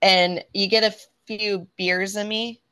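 A woman's voice: medium pitch, fairly even intonation, slow, pushed and bright, smooth. A woman from Texas co-hosting a podcast, chatting playfully and teasing. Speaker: co-host. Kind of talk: casual chat.

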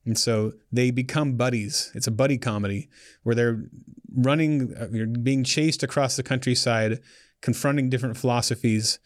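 A man's voice: medium pitch, moderate pace, no room sound. Joking male author, dry sound. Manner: loose and joking, with many restarts. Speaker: author guest. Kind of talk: casual chat.

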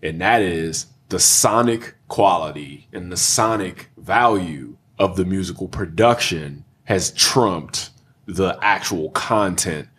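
A man in a group chat who explains his view at length in a measured, analytical way. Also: sits low, fairly bright tone, husky.

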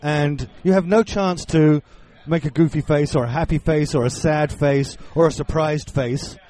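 A man's voice: a little high, fairly even intonation, normal speed, darkish tone. A man guesting on a podcast, explaining his project in a matter-of-fact way. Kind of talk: casual chat.

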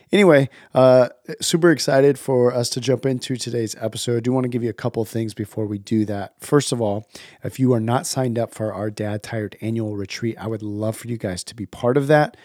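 A man hosting a podcast with a hoarse, worn-out voice, eagerly making casual announcements. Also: mid-range voice, brisk, darkish tone, no room sound, studio quality. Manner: eager, promotional. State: hoarse, lost voice from illness. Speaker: podcast host.

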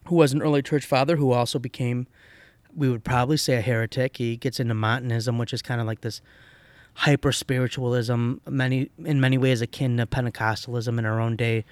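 A man's voice: mid-range voice, a little fast, no room sound. Conversational man explaining church history. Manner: conversational, lively, with fillers and self-corrections. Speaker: podcast co-host, pastor and teacher. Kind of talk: casual theological discussion.

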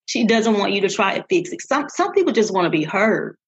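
A woman co-hosts a podcast in casual conversation, speaking emphatically and repeating phrases for effect. Her mid-range voice is sing-song, brisk, and slightly rough, and the audio is dull and lo-fi.

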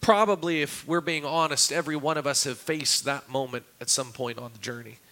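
A man's voice: on the high side, steady tone, fairly quick, sharp tone. A man preaching a sermon as pastor, acting out quoted cries with a raised, dramatic voice. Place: church.

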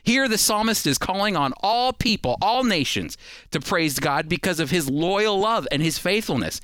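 A man gives a radio Bible lesson in an animated, smooth, resonant voice. He reads scripture with feeling and hammers home his points by repeating them. The sound is close and dry. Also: high voice, normal speed, no echo. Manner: repeats key points for emphasis. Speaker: Bible teacher.

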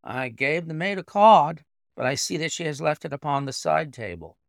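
A man's voice: a little high, lively intonation, normal speed, vocal fry, no room sound, clean studio sound, pitched above the performer's own voice. A man voicing a shaken young engineer. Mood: anxious.

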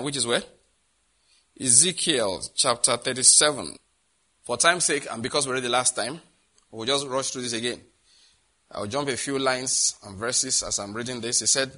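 A man's voice: mid-range voice, sharp tone. A man preaching a sermon, reading scripture aloud and asking the congregation questions.

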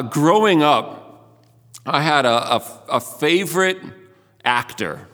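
Earnest pastor preaching in a reverberant hall. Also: male voice, a little high, fairly bright tone. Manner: earnest, conversational, with restarts. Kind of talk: sermon.

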